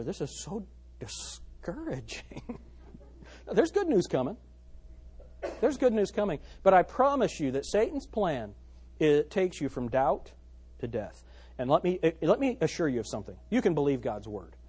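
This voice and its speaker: A man preaching a sermon as pastor, swinging between loud emphatic lines and hushed ones. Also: on the high side.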